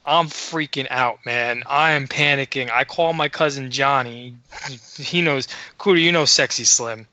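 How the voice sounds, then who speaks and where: A man co-hosting a podcast, telling a story in casual chat, excitable and full of swearing. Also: medium pitch, unhurried, no room sound. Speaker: podcast co-host.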